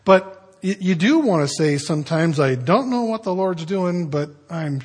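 Husky-voiced man preaching a sermon. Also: a little high, animated, normal speed. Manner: conversational preaching with storytelling and hushed asides. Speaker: pastor.

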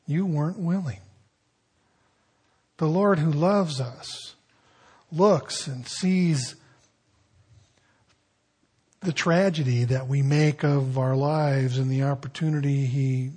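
An older male pastor with a husky, fairly high voice, preaching in a candid, confessional way. He slips back and forth between lively emphasis and quiet reflection. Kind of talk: sermon.

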